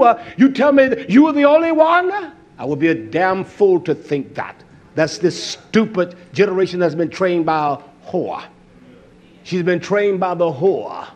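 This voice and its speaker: Husky high-voiced male preacher. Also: darkish tone. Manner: preaching with rising and falling intensity, frequent "hallelujah". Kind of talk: fiery sermon.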